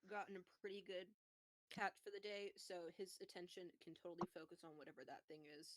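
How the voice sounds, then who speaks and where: Laid-back woman player, lowish voice, dry close sound. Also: fairly even intonation, fast talker, no echo, rough recording. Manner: laid-back, filler-heavy. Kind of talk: casual tabletop role-play.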